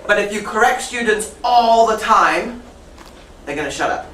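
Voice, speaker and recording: A woman teacher trainer running a lively classroom demonstration, repeating and correcting students as she goes. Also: medium pitch, moderate pace. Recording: echoey classroom from far off with faint noise.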